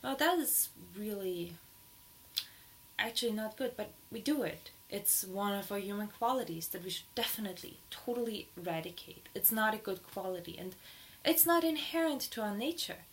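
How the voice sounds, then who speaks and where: A woman, not a native English speaker, giving a spiritual teaching in an earnest way, her voice rising high and excited when she is moved. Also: normal speed, a little hiss or hum, low-quality recording. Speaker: dharma teacher.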